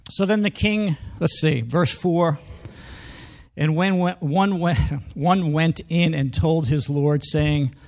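High-voiced man preaching conversationally. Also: slow pace, vocal fry, a little mellow. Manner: conversational, emphatic, acts out quoted speech. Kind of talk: sermon, reading scripture aloud.

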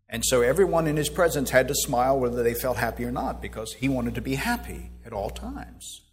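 A middle-aged man preaching a sermon as pastor, swinging from loud exhortation to soft asides. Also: mid-range voice, expressive, brisk, few pauses.

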